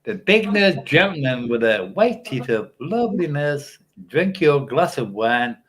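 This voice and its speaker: A man's voice: fairly high pitch, big pitch swings, a little slow. A man chatting on a livestream panel from a home webcam setup with a studio microphone, rambling and teasing the others cheekily. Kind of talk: casual chat.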